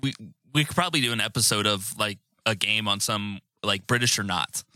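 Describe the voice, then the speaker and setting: Low, bright-toned man with wry jokes. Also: fairly quick, dry recording. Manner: wry, asks questions, dry jokes. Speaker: podcast co-host. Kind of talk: casual chat.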